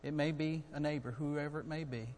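A middle-aged man preaching a sermon in a church, earnest and building to loud, urgent storytelling. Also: a little high, steady tone, a little fast, a little hiss or hum. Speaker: guest preacher. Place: church sanctuary. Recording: long hall reverb.

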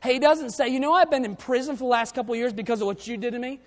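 Male preacher, fairly high voice, church sermon mixing scripture reading with plain talk, long hall echo. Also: fairly even intonation, rapid-fire. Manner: reads King James verses aloud, then explains them conversationally.

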